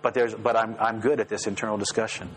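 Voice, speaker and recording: A man preaching a sermon as pastor, lively and rising sharply in pitch when he voices the prayers. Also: fast talker, low-quality recording. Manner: animated, rises sharply when voicing prayers. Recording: faint mains hum.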